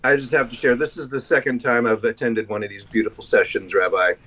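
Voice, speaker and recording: Brief: male attendee, mid-pitched, dry teasing remarks, video-call sound. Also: fairly even intonation, quick pace, bright, forceful tone. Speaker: service attendee. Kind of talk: casual chat.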